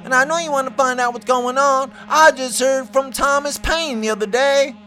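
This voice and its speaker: A woman hosting her own show, delivering a rambling, excitable comedic rant and repeating herself. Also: sits high, normal speed, few pauses, soft background music. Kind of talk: comedic ranting monologue.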